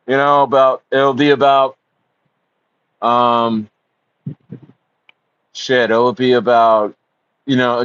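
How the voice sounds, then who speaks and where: A man chatting loosely on a livestream, full of ums, restarts, swearing and bro. His voice sits in a middle pitch. The sound is dull and very dry, with no room tone around it. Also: a bit bright, no echo. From United States. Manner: rambling, filler-heavy, profane, calls his viewers bro. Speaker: livestream host. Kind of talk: casual livestream chat.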